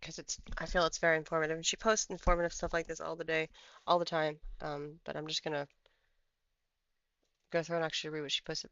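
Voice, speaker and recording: Gravelly voice in casual trading talk. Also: mid-range voice, flat delivery, fast, pushed and bright, dry recording, dull audio. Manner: rambling, thinks aloud while scrolling charts. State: has the hiccups. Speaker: stock trading streamer. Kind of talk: casual live trading commentary.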